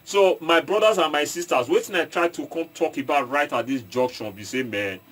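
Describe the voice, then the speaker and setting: A man's voice: fairly high pitch, a bit bright. A Nigerian man with an Edo State accent, an entertainer addressing his viewers in a casual monologue, stopping and restarting often and slipping into Pidgin. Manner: halting, repeats and restarts, mixes in Pidgin, asks viewers if they follow. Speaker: online commentator and entertainer.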